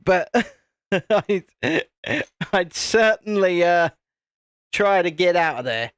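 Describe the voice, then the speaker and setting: A man's voice: high-pitched, expressive, takes it slowly, smooth, dry recording, clean studio sound. A British man hosting a livestream, chatting casually with viewers while he builds, and laughing often. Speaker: livestream host.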